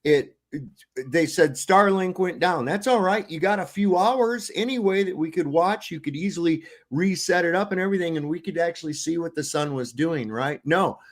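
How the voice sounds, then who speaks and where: A man's voice: on the high side, normal speed. A man in casual online chat, blunt and exasperated as he complains.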